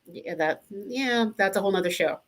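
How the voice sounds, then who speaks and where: A woman co-hosting a live show over a video link, chatting warmly with frequent ums. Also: mid-range voice, moderate pace. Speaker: district governor and co-host. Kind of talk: casual chat on a live show.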